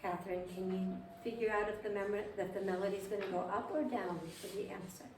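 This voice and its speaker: A woman's voice: mid-range voice, fairly even intonation, brisk, a little mellow. A woman teaching a group piano class, patiently asking her students questions and repeating their answers. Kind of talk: group music lesson. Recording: roomy, distant, faint noise.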